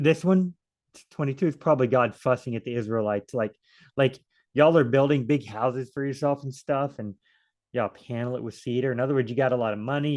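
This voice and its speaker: A man's voice: mid-range voice, a little mellow. A man leading a casual Bible study, thinking aloud and adding joking asides as he reads verses.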